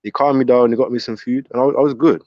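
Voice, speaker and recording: A man's voice: mid-range voice, steady tone, no room sound. A man rattles on at speed, repeating himself and tripping over words. His voice comes through a dull, muffled line. The sound is dry and close, with no room around it. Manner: fast, repetitive, stumbling. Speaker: caller speaking from a psychiatric ward. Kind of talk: rambling casual chat.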